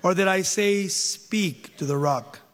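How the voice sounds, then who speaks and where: A man's voice: extremely high pitch, lively intonation, a little slow, fairly bright tone, big-room sound, exaggerated voice. A male preacher voicing God in a sermon retelling, firm and reasoning as he corrects a servant. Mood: reproving. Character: stern but patient male God, correcting.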